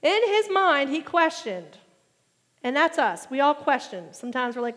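High-voiced woman preaching in an echoing hall. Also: moderate pace. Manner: animated preaching, rising and loud at emphatic points. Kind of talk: sermon. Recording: long hall reverb.

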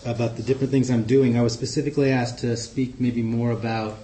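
A man with a New York accent, giving a relaxed, chatty talk to a group as guest speaker. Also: medium pitch, brisk, slight background noise. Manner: relaxed, chatty, warm humor. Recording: echoey room.

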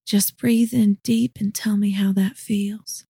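A woman's voice: mid-range voice, fairly even intonation, takes it slowly, vocal fry, husky, dry recording, clean studio sound, exaggerated voice. A woman playing a sultry, coaxing seductress. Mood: seductive. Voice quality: soft and sultry, calls him honey and sugar. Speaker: voice actor. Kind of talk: audio drama acting.

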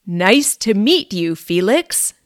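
A woman voicing a big, gentle male elephant who writes poetry, in a storybook reading. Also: mid-range voice, very animated, slow, no echo, studio quality.

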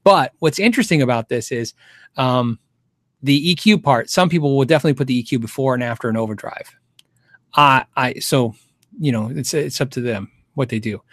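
Speaking a little fast in a mid-range, fairly bright voice, this middle-aged guitar show host fields viewer questions on a casual livestream. He rambles and thinks out loud, chuckling and restarting often, with no room sound in the recording.

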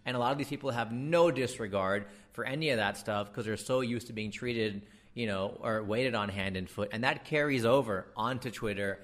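With a mid-range voice at normal speed and barely any pauses, this American man rants through a comedy monologue. He sounds exasperated and animated, swearing liberally and using plenty of fillers.

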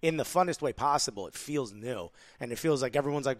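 A man's voice: mid-range voice, expressive, quick pace, no room sound, clean studio sound. A man from New Jersey co-hosting a podcast, blunt and heated in casual chat, swearing freely. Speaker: podcast co-host.

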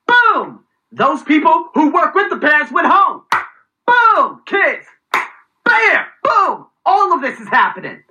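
A man's voice: very high-pitched, sharp tone, poor audio. A man delivering a heated, profane, sarcastic vlog rant. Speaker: vlogger. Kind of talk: ranting vlog commentary.

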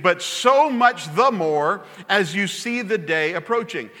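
Bright, high-voiced man preaching in a reverberant hall. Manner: animated storytelling, repeats phrases for emphasis. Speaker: pastor. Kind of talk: sermon.

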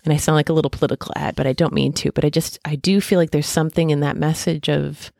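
Low-voiced woman musing on hope. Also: flat delivery, fast, creaky, dark tone, dry recording, clean studio sound. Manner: rambling, many fillers and restarts. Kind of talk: casual reflective monologue.

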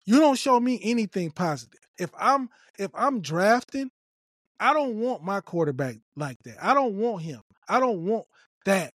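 A man's voice: high-pitched, sing-song, normal speed, a bit bright, dry recording, studio quality. A man giving emphatic, repetitive opinion commentary on a video clip, scolding and lecturing.

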